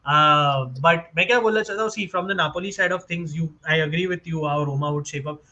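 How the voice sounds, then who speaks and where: A man's voice: a little high, very fast, pushed and bright, muffled recording. A man from India co-hosting a live football chat, switching between English and Hindi and correcting himself readily. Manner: mixes English and Hindi mid-sentence; laughs easily, self-correcting. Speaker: podcast co-host. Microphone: live stream setup.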